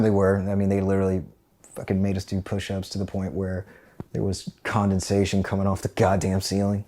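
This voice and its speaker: A young American man, an army veteran and podcast guest, telling a story casually with lots of profanity and big swings in pitch and loudness. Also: completely flat delivery, fairly quick. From United States.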